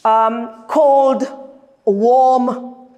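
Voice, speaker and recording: A woman's voice: on the high side, steady tone, very slow, warm tone. A woman with a Polish accent, a professor giving an academic lecture at a seminar, thoughtful and searching for her words. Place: theater seminar room. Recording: long hall reverb.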